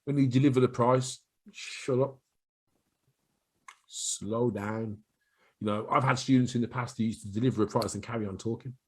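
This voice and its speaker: A middle-aged man with a Black Country accent giving chatty sales advice to camera, now and then acting out quick voices of callers and of himself. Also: mid-range voice, steady tone, husky. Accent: Black Country English. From Black Country, England. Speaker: sales trainer.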